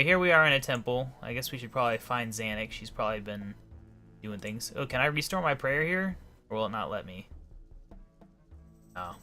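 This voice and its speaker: A man's voice: medium pitch, pushed and bright. A man casually commenting while playing a video game, with offhand, wry asides. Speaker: let's play host.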